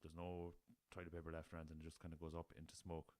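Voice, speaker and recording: A man's voice: rumbling low, monotone, very fast, mellow, dry recording. An Irish man hosting a casual solo podcast, rambling through a story and swearing freely, recorded on a laptop. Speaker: podcast host.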